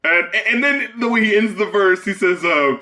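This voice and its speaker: A man co-hosting a casual podcast chat about music, excitable, mocking and laughing often. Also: sits high, moderate pace. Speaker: podcast co-host and music critic.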